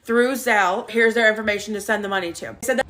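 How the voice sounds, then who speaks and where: Bright, exasperated woman telling a story. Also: medium pitch, quick pace, a little hiss or hum. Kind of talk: storytime vlog.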